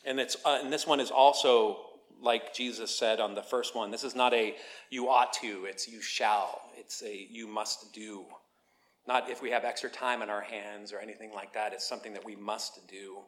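A man preaching a sermon, telling a lively story with playful asides and then teaching in a quieter, earnest way. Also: fairly low pitch, a little fast, few pauses. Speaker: pastor.

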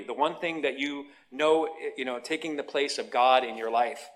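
A man's voice: mid-range voice, moderate pace, hardly any pauses. Man, pastor, sermon, storytelling, conversational, self-deprecating, middle-aged.

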